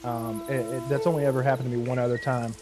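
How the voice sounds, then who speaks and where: A man's voice: mid-range voice, little pitch movement, fast talker, background noise. A man telling a story in casual chat, rambling, repeating words and laughing between lines. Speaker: streamer telling a story to co-hosts.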